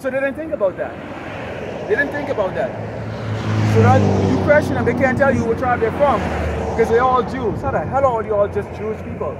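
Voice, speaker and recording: A high-voiced man preaches outdoors on a city street. He is combative and profane, firing one rhetorical question after another. Loud traffic fills the background. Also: sing-song, brisk. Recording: heavy street traffic noise. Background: loud traffic noise.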